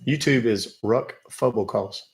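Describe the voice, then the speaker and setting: A man with a gravelly voice hosts a live stream in a loose, chatty way, cracking jokes and swearing offhandedly as he talks to his viewers. His voice sits at an ordinary pitch, with a rough fry running through it. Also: a little slow, noisy background. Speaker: livestream host calling scammers. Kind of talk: casual livestream chat.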